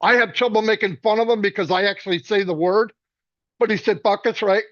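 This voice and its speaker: A man giving a rambling, joking tribute full of quick stories and restarts. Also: high voice, fairly bright tone, dry recording. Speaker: speaker at a celebration. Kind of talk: casual storytelling tribute. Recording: dull dry lo-fi sound.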